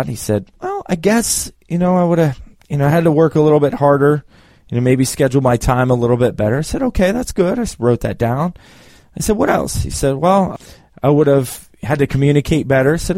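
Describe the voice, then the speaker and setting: Animated male storyteller, dry close sound. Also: mid-range voice, dry recording. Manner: animated storyteller, acts out both sides of the dialogue. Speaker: business coach. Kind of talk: storytelling talk.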